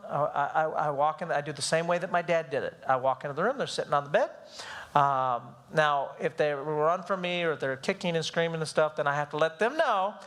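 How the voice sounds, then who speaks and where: Brief: male parenting teacher, quick and high-pitched, animated storyteller who acts out voices. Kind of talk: live church class talk.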